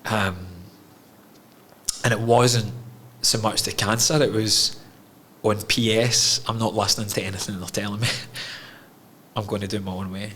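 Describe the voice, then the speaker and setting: A man's voice: on the low side, fairly even intonation, a little slow, a bit bright, a little hiss or hum. A man, a podcast guest telling his own story candidly, frank and emotional, swearing freely.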